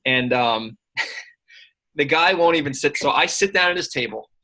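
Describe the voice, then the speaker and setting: A man in his early twenties, a sales coach telling an animated anecdote in a casual way. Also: fairly high pitch, poor audio. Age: early 20s. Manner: animated anecdote with quick asides. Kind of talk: casual storytelling.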